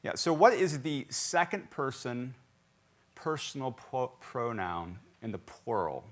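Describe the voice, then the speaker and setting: A man's voice: medium pitch, measured pace. A man raised in South Carolina, preaching a sermon in a church and quizzing the congregation with jokes. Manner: lively, joking, quizzing the congregation. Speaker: pastor. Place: church sanctuary.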